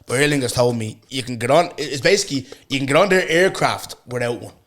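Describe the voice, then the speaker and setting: A young Irish podcast host tells a story in a casual chat, animated and laughing often as he acts out what people said. His voice is medium-pitched and he talks fast.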